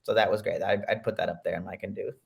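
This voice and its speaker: A man's voice: low-pitched, fairly even intonation, fast, vocal fry, darkish tone. A man co-hosting a podcast, chatting casually and animatedly, peppering his talk with "like" and mock-outraged asides. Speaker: podcast co-host. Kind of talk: casual chat.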